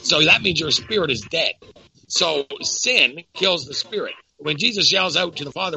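Gravelly, bright-voiced fervent preacher man. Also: a little high, animated, moderate pace, highs cut off. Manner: fervent, storytelling, repeats words. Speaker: guest. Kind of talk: casual faith talk. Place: Dominican Republic.

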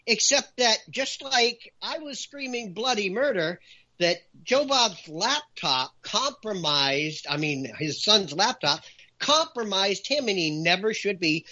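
A man holds forth as a talk-show guest, pushing his voice up whenever he wants a point to land. His pitch swings widely and his tone is bright and cutting. The audio sounds muffled and lo-fi. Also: slow. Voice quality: raises voice for emphasis. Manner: animated, lists points in a punchy countdown. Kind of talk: emphatic talk-show commentary.

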